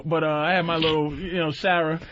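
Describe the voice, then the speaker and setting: A man's voice: a little high, little pitch movement, brisk, fairly bright tone, a little hiss or hum. A man joking on a radio talk show, telling crude stories and acting out the voices of people in them. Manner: storytelling, acts out voices of women he met. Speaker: comedian guest. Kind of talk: casual crude radio banter. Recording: dull radio broadcast sound.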